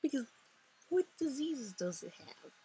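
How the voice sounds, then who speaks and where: A woman's voice: sits high, sing-song, measured pace, warm tone, a little hiss or hum, poor audio. Chatty woman reading a game aloud. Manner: chatty, rambling, playful voice acting. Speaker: let's play narrator. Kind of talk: reading and voicing a visual novel game.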